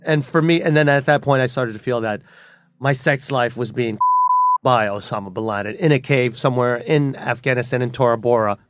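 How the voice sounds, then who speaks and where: A man from New York, telling a personal story in an animated way and acting out the voices of the people in it. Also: medium pitch, normal speed, faint music behind. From New York City. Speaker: storyteller guest.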